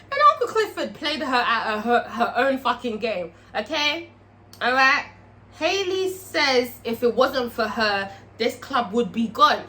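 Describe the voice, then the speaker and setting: Brief: woman reviewer, high-pitched, animated casual recap, salty language. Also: a little slow. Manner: animated, frequent swearing, checks in with "all right?". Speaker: TV show reviewer.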